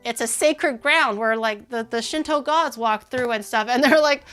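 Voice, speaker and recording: A woman streaming and chatting casually with her audience, rambling with lots of "like" and sounding animated and indignant. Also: a little high, normal speed, smooth, faint music behind.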